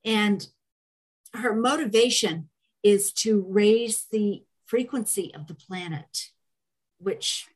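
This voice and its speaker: A woman's voice: medium pitch, slow, breathy edge. A woman hosting a podcast, introducing her guest in a gushing, enthusiastic way. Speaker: podcast host. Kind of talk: casual podcast interview.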